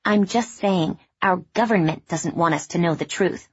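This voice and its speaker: A woman's voice: on the low side, moderate pace, husky, dry recording, muffled recording. Woman playing an urgent conspiracy-minded girl. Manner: urgent, hushed. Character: conspiracy-minded teenage girl, earnest and secretive.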